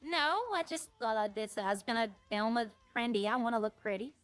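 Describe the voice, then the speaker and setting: A woman's voice: fairly high pitch, animated, brisk, dry recording, faint music behind. A woman streaming a roleplay game, rambling to herself as she plays and chatting in character. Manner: rambling, talks to herself while playing.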